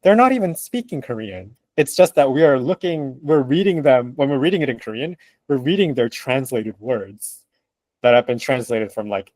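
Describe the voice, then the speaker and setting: A man who translates books, chatting as a guest in an interview, animated and laughing often with lots of fillers. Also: mid-range voice, dry recording. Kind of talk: casual interview conversation.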